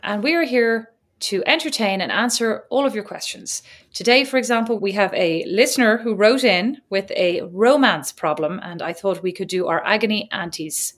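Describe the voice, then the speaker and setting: A woman's voice: medium pitch, normal speed. Chatty, teasing woman podcast host. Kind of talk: casual chat.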